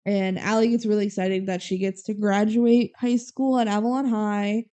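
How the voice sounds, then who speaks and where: Young woman, podcast co-host, casual movie recap, giggly, mellow voice. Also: medium pitch, steady tone, normal speed, clear, resonant tone. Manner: chatty, giggly, quotes scenes in small acted voices.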